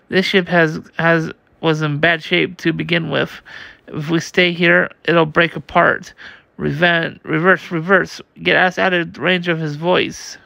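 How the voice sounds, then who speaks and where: Slow, gravelly man reading comics. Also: a little high, steady tone, bright, forceful tone, no room sound. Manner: halting, slow reading with many restarts. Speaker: comic reader.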